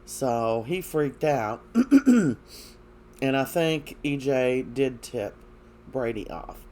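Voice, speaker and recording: A man giving a casual recap of soap opera episodes, hesitant, with many fillers and frequent throat clearing. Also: mid-range voice, expressive, very slow, mellow, a little hiss or hum.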